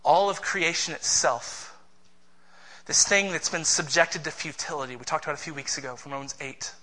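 A man's voice: on the high side, moderate pace, pushed and bright. A man preaching a sermon as pastor, in an emphatic, passionate way.

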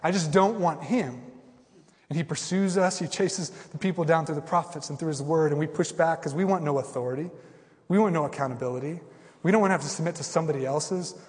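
Fired-up preacher guy, kinda high voice, loud bursts then hushed bits, big echoey church sound. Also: fast. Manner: impassioned, swings from loud outbursts to hushed asides. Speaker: pastor. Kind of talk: sermon. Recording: long hall reverb.

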